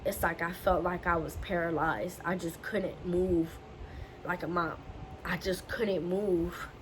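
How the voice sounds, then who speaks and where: A young beauty vlogger tells her own story emotionally, repeating herself as she retells it. Her voice is fairly low, steady and a little slow, with faint background noise.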